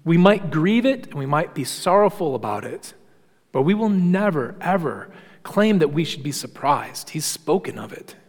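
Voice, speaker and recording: A man preaching a sermon in earnest, shifting between quiet low passages and raised emphatic ones, often repeating words as he restarts. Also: very animated, normal speed. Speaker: pastor. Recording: long hall reverb.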